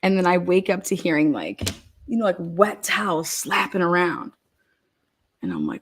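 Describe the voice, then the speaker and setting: Her lowish, slightly rough voice swings widely in pitch at a moderate pace. This online commentator spins profane, casual stories, laughing a lot, cursing without restraint, and saying "like" constantly.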